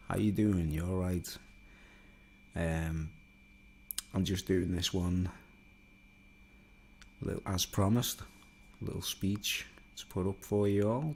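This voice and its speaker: A man with a Liverpool accent chatting casually to viewers from a home studio in a block of flats, rambling and self-mocking on a studio microphone. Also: deep voice, a little hiss or hum. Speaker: YouTuber. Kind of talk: casual chat to camera. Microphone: studio microphone, then a recorder's built-in mics.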